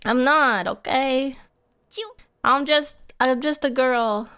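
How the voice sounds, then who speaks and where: A young woman streamer chatting casually with her viewers, excitable and laughing often. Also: high voice, slow pace, clear, resonant tone. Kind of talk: casual livestream chat.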